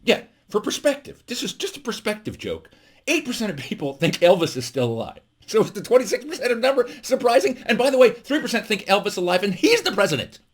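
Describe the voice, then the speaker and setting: A middle-aged man doing a stand-up comedy monologue as host from his home office, animated with mock-defensive asides. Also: high voice, fast talker, husky.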